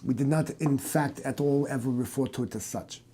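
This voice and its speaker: A man's voice: mid-range voice, brisk, dark tone, slightly rough, natural voice. A man doing a pompous German psychoanalyst. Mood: lecturing. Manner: stiff, formal, fussy and easily offended.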